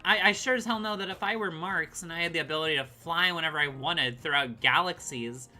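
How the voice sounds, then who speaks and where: A woman streaming a game, chatting casually and excitedly with her chat and swearing now and then. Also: sits low, fairly quick, soft background music. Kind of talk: casual live-stream chat while gaming.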